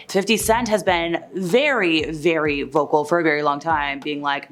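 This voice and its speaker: A woman's voice: on the low side, expressive, moderate pace, few pauses, fairly bright tone, faint music behind. A woman hosting an entertainment news video in a casual, conversational way, often paraphrasing people with "like". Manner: chatty, conversational, paraphrases others with "like". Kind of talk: casual celebrity gossip commentary.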